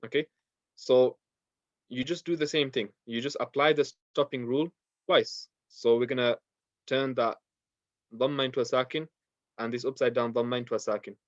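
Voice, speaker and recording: Male recitation teacher: steady, repeats each step, mid pitch, dry and slightly muffled audio. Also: normal speed, pauses often, no room sound. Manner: patient, repeats steps, recites verses in Arabic. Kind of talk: online class lesson.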